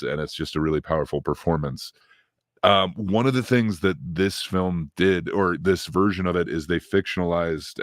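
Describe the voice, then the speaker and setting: Man, very deep voice, podcast co-host, casual film review, rambling, lots of fillers, dry sound. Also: no room sound. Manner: rambling, hesitant, many fillers and restarts.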